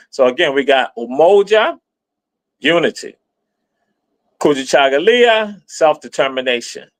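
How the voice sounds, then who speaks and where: Man, slightly high voice, teacherly and repetitive, spells terms aloud, dry close sound. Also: a bit bright, dry recording. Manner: repetitive, spells words out letter by letter; emphatic, teacherly. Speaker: live stream speaker. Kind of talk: explanatory live stream talk.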